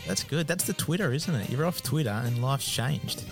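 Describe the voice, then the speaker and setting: Australian male podcast host, friendly and encouraging, clear guitar music playing under him. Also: mid-range voice, lively intonation, moderate pace. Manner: friendly, affirming, short replies. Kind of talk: casual podcast interview.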